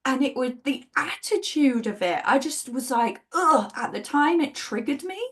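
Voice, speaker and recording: A woman's voice: high voice, expressive, moderate pace. A woman hosting a podcast, openly telling stories from her own work and laughing easily. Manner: open, storytelling, laughs easily. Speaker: podcast host, yoga teacher. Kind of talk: casual podcast conversation.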